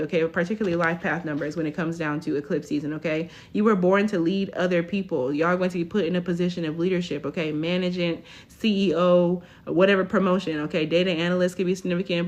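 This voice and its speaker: A woman in her twenties giving a casual live tarot reading, chatty, tagging almost every line with "okay?". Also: on the low side. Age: 20s. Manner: chatty, tags lines with "okay?". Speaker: tarot reader.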